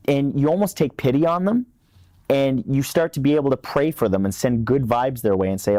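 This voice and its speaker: A man's voice: mid-range voice, brisk, warm tone, dry recording, clean studio sound. A man, speaking earnestly as an interview guest and repeating words when stressing a point. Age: 30s. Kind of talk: candid interview talk.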